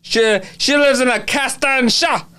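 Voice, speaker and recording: A chatty, wisecracking young fellow with a thick Brooklyn accent, as a man puts him on. The voice sits very high and sounds bright and sharp. He drifts into asides as he talks, reading in an amateur radio-play style. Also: normal speed, clear, resonant tone. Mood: wistful, joking.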